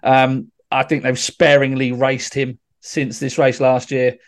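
A man's voice: medium pitch, little pitch movement, measured pace. A man from Britain giving horse racing tips on a podcast, hesitant and full of restarts. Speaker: racing tipster. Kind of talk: casual racing tips chat.

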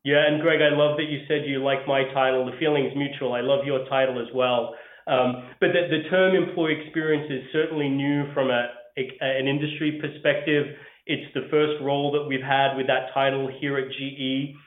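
A man with an Australian accent, a guest answering interview questions in a measured way with frequent pauses. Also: mid-range voice, fairly even intonation. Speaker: guest, HR leader. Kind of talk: podcast interview. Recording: echoey phone-like line.

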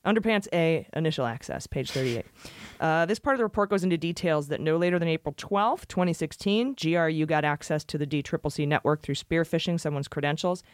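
A woman's voice: low-pitched, brisk, hardly any pauses, dry recording. Joking woman podcast host, dry sound. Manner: jokey, chatty, laughs often. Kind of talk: casual chat, reading from a report.

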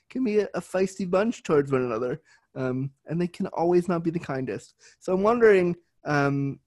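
A man's voice: fairly high pitch, a little mellow. A young adult man hosting a casual interview chat, candid and swearing freely. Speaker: podcast host.

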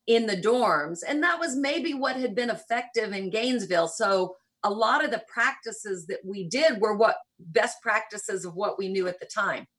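A woman's voice: medium pitch, expressive, normal speed, hardly any pauses, fairly bright tone, husky. An older woman from rural Kentucky with a faint Southern accent, telling stories in a reflective, lightly humorous interview. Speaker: interview guest, church missionary. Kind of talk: conversational interview.

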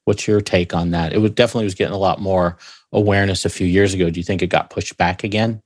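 A man's voice: sits low, fairly even intonation, fast, dry recording, studio quality. A man hosting an interview, asking open questions in a conversational way. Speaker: podcast host.

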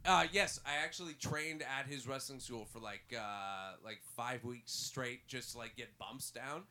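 A man's voice: mid-range voice, unhurried, bright, forceful tone. A man guest on a podcast, telling a wrestling story in a rambling, casual way with lots of fillers and swearing.

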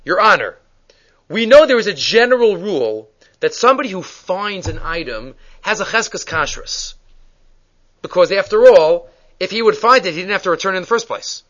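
A man's voice: high-pitched, big pitch swings, normal speed, long pauses, fairly bright tone. A man teaching a Torah class, telling stories and acting out the dialogue with Hebrew phrases mixed in. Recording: dull lo-fi recording.

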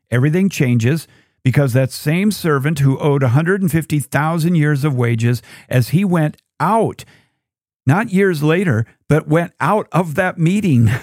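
Male scripture teacher, middle pitch, animated storyteller who keeps asking the audience questions. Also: no room sound, clean studio sound. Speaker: Bible teacher.

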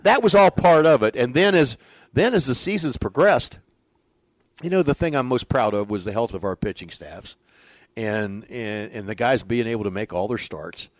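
An older man, a former pitching coach, telling stories in an interview with a folksy, animated manner, acting out the dialogue. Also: normal speed, no room sound. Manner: folksy, animated storyteller who acts out quoted dialogue. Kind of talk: storytelling in a conversational interview.

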